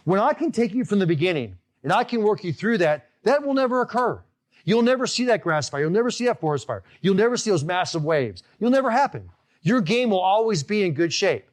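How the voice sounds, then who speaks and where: A man hosting a live online golf lesson as instructor, talking in an energetic, emphatic way and often checking in with "okay?". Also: high voice, a little fast. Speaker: golf instructor and show host.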